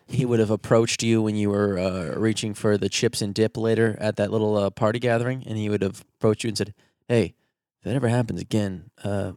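A man co-hosting a podcast, riffing deadpan in casual chat and acting out scenes with raised voices. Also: on the low side, fast talker, few pauses, no echo, studio quality. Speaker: podcast co-host.

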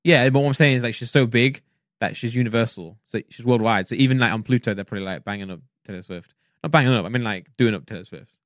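In a clean, studio-quality recording without echo, a man with a medium-pitched voice co-hosts a podcast. The chat is casual and rambling, delivered quickly, packed with "likes," fillers, and sentences he keeps restarting.

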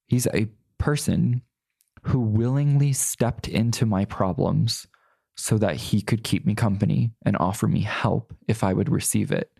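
A man's voice: lowish voice, measured pace, vocal fry, darkish tone, husky, no room sound, clean studio sound. A young man earnestly sharing a personal testimony in an interview, full of "like" and restarts. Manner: earnest, filler-heavy, lots of "like". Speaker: guest.

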